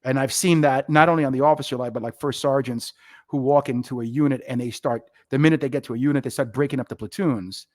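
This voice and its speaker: Middle-aged new guy, talks real fast, animated storyteller, dry close sound. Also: medium pitch, no room sound. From New York. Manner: animated, acts out bosses in quoted voices. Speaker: podcast guest, retired Marine officer. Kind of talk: casual storytelling.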